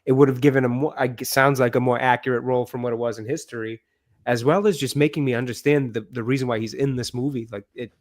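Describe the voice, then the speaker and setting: Male co-host, mid pitch, halting, thoughtful, casual. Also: steady tone. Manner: hesitant, halting, searches for words. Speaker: film review co-host. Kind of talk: casual chat.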